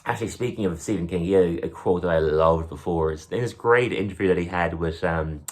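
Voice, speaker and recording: Deep-voiced rambling comedian. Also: male voice, fairly quick. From Ireland. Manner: rambling, self-deprecating, acts out bits in silly voices. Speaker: comedian and podcast host. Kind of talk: casual rambling monologue.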